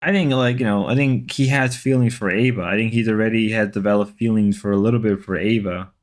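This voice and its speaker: A man's voice: on the low side, fairly even intonation, a little fast. A man hosting a casual livestream, chatting loosely and reading viewer comments, repeating himself as he rambles. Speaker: livestream host.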